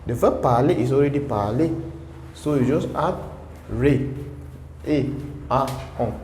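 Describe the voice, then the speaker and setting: Brief: patient male French teacher, warm mellow tone, echoey room with a long reverb tail. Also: medium pitch, unhurried, a little hiss or hum. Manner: patient, repeats examples, checks in with okay. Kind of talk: online language lesson.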